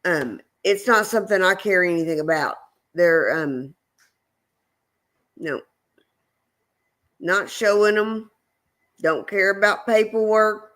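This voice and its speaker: Woman, slow unhurried pace, casual livestream chat, easygoing with fillers. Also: mid-range voice, lively intonation, a bit bright. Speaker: homestead channel co-host.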